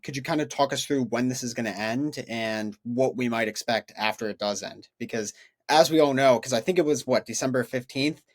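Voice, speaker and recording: A man co-hosting a casual interview, calmly walking through listings and asking his guest questions. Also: medium pitch, fairly quick. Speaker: co-host.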